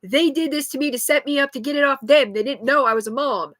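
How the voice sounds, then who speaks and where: A woman's voice: high-pitched, quick pace, a bit bright, dry recording. A woman, likely in her thirties, talking agitatedly and rambling with heavy swearing in an unscripted live stream on a phone. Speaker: livestreamer.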